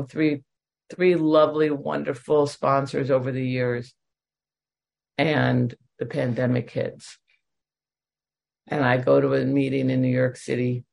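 A woman's voice: a bass voice, gravelly, a little mellow. A woman in her forties sharing a candid, emotional personal testimony with self-deprecating humor at a recovery meeting. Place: at home.

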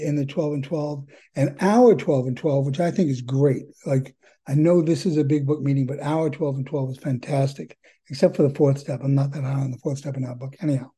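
A man's voice: fairly high pitch, dark tone, slightly rough. An older man telling his story at a recovery meeting, earnest and rambling, with many fillers and repeated words. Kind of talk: personal testimony.

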